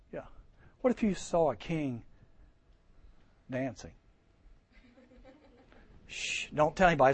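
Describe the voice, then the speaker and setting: A man preaching a sermon to teens, lively and joking, acting out voices and asking the crowd questions. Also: on the high side, slightly rough. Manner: lively, acts out voices, jokes, rhetorical questions. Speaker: camp speaker.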